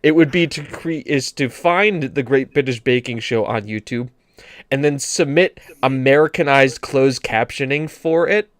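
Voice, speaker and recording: A man hosting a casual podcast chat, animated and quick to slip into mock accents. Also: medium pitch, a little hiss or hum. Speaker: podcast host.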